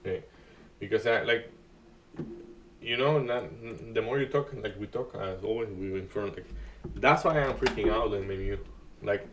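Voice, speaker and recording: A man hosting a live day-trading stream, talking through market moves in a halting way with many restarts and uneven grammar. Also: on the low side, far from the mic, slight background noise. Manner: halting, restarts often, non-native grammar.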